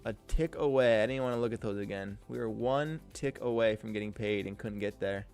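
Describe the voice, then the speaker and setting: With faint music behind him, a day-trading livestream host talks briskly in a lowish, gravelly, somewhat mellow yet smooth voice. His casual chat is full of slang and hype, and he addresses viewers as "King."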